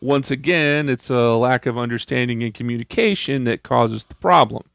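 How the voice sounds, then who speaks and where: A man's voice: mid-range voice, normal speed, vocal fry, a bit bright, dry recording, studio quality. A man co-hosting a podcast, chatting casually with a wry, joking manner. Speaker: podcast co-host. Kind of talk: casual chat.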